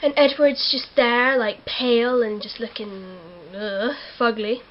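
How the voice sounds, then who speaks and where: Excitable high-voiced teen girl vlogger. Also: unhurried, highs cut off, slight background noise. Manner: giggly, excitable, acts out characters. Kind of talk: casual movie recap to camera.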